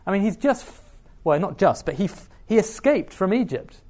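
Lively, animated male preacher. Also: high voice, normal speed. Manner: asks the listeners questions, expressive reading of scripture. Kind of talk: sermon.

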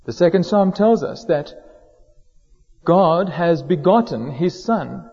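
A man preaches a sermon in a church hall, his mellow voice trailing off into a long reverb. The recording is dull and lo-fi. He talks in a measured way, slowing down to stress key words. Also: on the high side, lively intonation, slightly rough. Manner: measured, slows down for emphasis on quoted words.

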